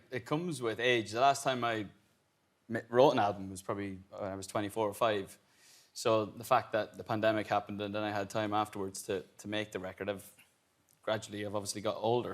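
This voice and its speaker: An Irish man in his thirties, a singer-songwriter, talking casually as a talk-show guest with a relaxed, halting manner. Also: lowish voice. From Ireland. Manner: relaxed, chuckling, halting restarts. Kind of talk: casual chat-show interview.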